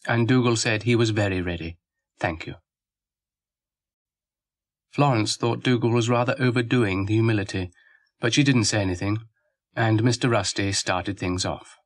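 A man narrating a children's story in a wry, gently amused way. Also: on the low side, brisk, no echo, clean studio sound.

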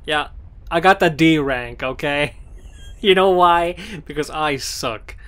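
Male let's-player, excitable and swearing, bright tone, slow unhurried pace. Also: a little high, smooth. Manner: excitable, swears and yells at the game. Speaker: let's play gamer. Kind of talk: gameplay commentary.

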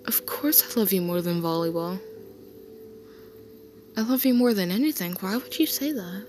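A woman voicing an affectionate young man who soothes his partner to sleep in a soft comfort role-play, tender and reassuring. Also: medium pitch, lively intonation, normal speed, a little hiss or hum, natural voice.

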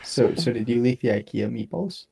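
A man's voice: medium pitch, expressive, normal speed, vocal fry. A man gaming with friends, laid-back and cracking crude jokes. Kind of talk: casual gaming banter. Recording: noisy gaming voice chat.

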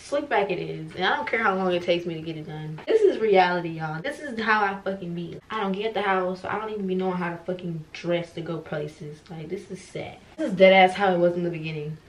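A woman's voice: on the low side, brisk, hardly any pauses. A young woman, vlogging casually and profanely to viewers while getting ready at home, self-mocking and frank. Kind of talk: get-ready-with-me vlog.

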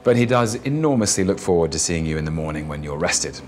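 A man voicing a polished, deferential hotel night manager who speaks in a smooth, overly courteous murmur. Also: deep voice, lively intonation, fast, faint music behind.

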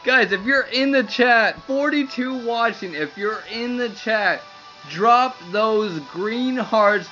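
A man's voice: extremely high pitch, slow, pushed and bright. Tearful, overjoyed young streamer man. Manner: overjoyed, laughing and tearful, breathless thanks. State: crying. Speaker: livestreamer. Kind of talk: excited livestream commentary. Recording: dull lo-fi stream audio with faint music.

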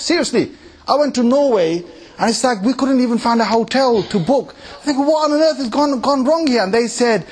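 A man delivers a religious lecture in a very high, husky voice. His pitch leaps up and down as he talks, and his manner is animated, mocking and conversational. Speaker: Islamic lecturer. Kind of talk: lively sermon-style lecture.

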